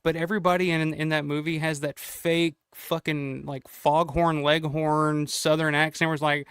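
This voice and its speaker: A man from the American South, hosting a casual podcast chat in an animated, talkative way with casual swearing. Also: a little high, moderate pace, smooth, no room sound, studio quality. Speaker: podcast host. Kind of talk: casual conversation.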